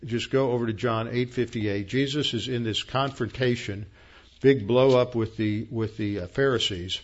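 A man's voice: mid-range voice, normal speed. Man teaching a Bible lesson, muffled sound. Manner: plain explaining tone with frequent fillers and restarts. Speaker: pastor.

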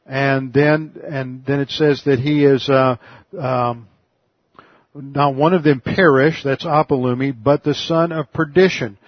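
A man teaching a Bible study lecture, explaining verses in an unhurried way with frequent restarts and fillers. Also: mid-range voice, fairly even intonation, no echo, lo-fi sound.

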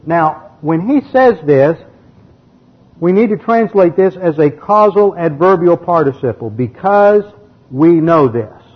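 A man's voice: on the high side, animated, unhurried, slightly rough. A man teaching the Bible verse by verse, methodically explaining the grammar and reading passages aloud. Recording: dull lo-fi recording.

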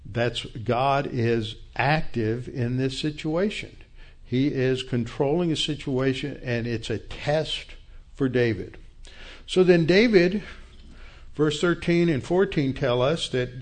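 A man's voice: mid-range voice, takes it slowly. A man teaching through a Bible passage as a pastor, explaining verse by verse in a conversational way with asides.

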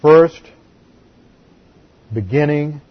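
A man, a pastor, teaching a Bible class in a deliberate, explanatory way and repeating key words. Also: a little high, muffled recording. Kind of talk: sermon-style Bible teaching.

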